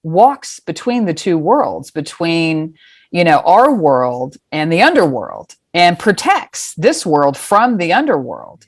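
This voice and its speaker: A woman's voice: lowish voice, sing-song, slow pace, no echo, studio quality, full character voice. A woman quoting her woman friend, who explains spirit animals in a knowing way.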